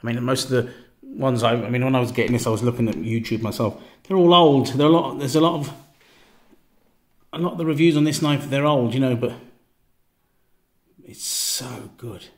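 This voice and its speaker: A relaxed man in a mid-range voice chats outdoors while reviewing gear. He rambles, restarts his sentences and repeats himself. Now and then his voice drops to a quiet murmur. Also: mid-range voice, normal speed. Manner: relaxed, repeats himself, stumbles over words. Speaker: knife reviewer. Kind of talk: casual product review vlog.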